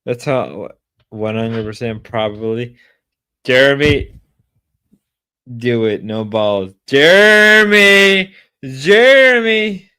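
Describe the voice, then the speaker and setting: A man's voice: mid-range voice, a bit bright, dry recording. A drunk man livestreaming in casual chat, rowdy and rambling, whooping between lines.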